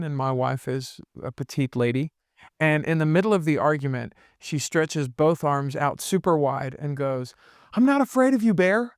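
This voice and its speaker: Male podcast host, 40s, gravelly but clear, earnest storyteller. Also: mid-range voice, no room sound, clean studio sound. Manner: earnest storytelling, acts out quoted voices. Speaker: podcast host and business consultant. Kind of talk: reflective podcast conversation. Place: his home.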